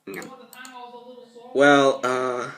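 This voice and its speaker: A fan-video creator giving excitable, jumpy commentary with casual swearing. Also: medium pitch, very slow. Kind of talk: excitable skit narration with commentary.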